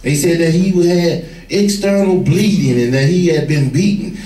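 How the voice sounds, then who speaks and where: A former gang leader telling street stories to young people, vivid and plain-spoken. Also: male voice, fairly high pitch, normal speed, dark tone. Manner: vivid storyteller, acts out quoted voices. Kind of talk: storytelling talk to a room. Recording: echoey room, far from the mic.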